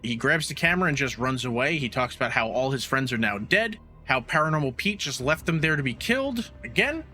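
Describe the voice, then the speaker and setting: A man's voice: medium pitch, lively intonation, brisk, few pauses, sharp tone, faint music behind. A man co-hosting a podcast, recapping a bad movie's plot with sarcastic, blunt, swearing commentary. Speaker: podcast co-host. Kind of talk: casual movie recap chat.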